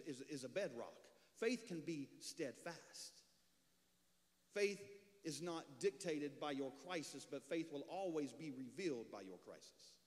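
Casting: male pastor, high voice, animated storyteller, preaching in a church with long reverb. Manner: lively storyteller, swings from loud bursts to low, hushed lines. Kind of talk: storytelling sermon. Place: church sanctuary.

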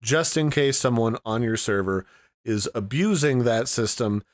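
The male host of this casual screen-recorded tutorial has an expressive, medium-pitched voice and a somewhat slow delivery. He muses aloud while explaining, in a meandering, conversational style.

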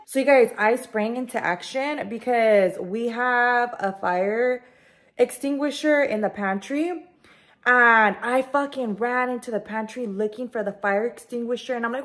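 A young woman vlogging in her home kitchen, telling a story in an animated, casual way with lots of swearing and "like". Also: on the high side, moderate pace. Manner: animated, swears freely, heavy use of "like".

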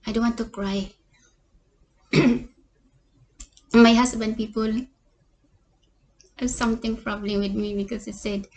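A woman vlogger talking casually to her viewers, speaking halting English, tired and sad. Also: medium pitch, darkish tone, a little hiss or hum. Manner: halting, non-native English, often addresses "people"; tired and sad, with small laughs. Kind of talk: casual eating vlog talk to viewers.

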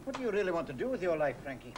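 A middle-aged Scottish factory hand with a Scottish accent, who talks in a teasing, ironic way and likes fancy words. His voice sits a little high. It comes through a hissy old television broadcast. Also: big pitch swings, very fast. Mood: wry. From Scotland. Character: wry, well-read Scottish factory worker, older man. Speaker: factory worker and union man.

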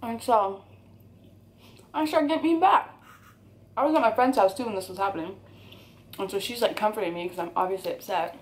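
Talking fast in a medium-pitched voice, a young woman in her twenties shares a candid, emphatic story on camera for her YouTube channel while eating at home.

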